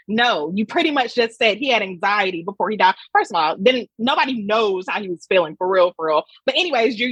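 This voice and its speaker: A woman guest on a podcast, talking in an animated, emphatic and blunt way with casual swearing. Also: mid-range voice, breathy edge, no room sound, low-quality recording.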